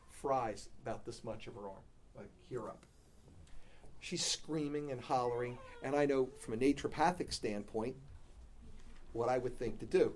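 A middle-aged man preaches a sermon built around a story, alternating loud, animated bursts with soft, low-key emphasis on his main points. There's slight background noise.

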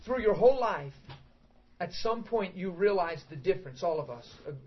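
Middle-aged male preacher, high voice, lively storyteller, muffled lo-fi sound. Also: moderate pace, slightly rough. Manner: animated storytelling, bursts into shouting and laughter. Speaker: pastor. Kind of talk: sermon. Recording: dull lo-fi sound.

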